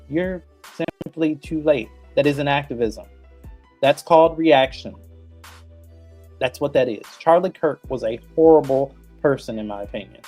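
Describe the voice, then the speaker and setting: A man's voice: medium pitch, a little mellow. A man hosting a podcast, delivering a blunt, emphatic and profane opinion rant. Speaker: podcast host.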